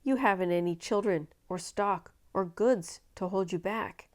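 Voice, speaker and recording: A woman's voice: medium pitch, a little slow, a little mellow, natural voice. A woman voicing a fretful pioneer mother. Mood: worried. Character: anxious pioneer mother holding a baby.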